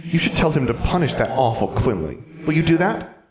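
A man reading an audiobook, voicing a spoiled, smug little ghost girl in a high, petulant childish tone. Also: sing-song, fairly quick, reverberant, natural voice. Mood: wistful, demanding.

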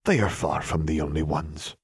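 A man voicing a towering, menacing male mad chemist in a fan fiction audiobook, with a raspy voice and a sly, casual manner. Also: rumbling low, moderate pace, no echo, clean studio sound, exaggerated voice. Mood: sly menace. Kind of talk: audiobook character voice.

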